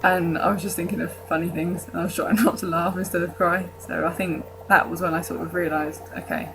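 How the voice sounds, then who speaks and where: A woman's voice: on the low side, fairly even intonation, brisk, over music, rough recording. A young woman from the UK talking casually to camera in her vlog, rambling with fillers and restarts and self-mocking jokes. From United Kingdom. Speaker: vlogger.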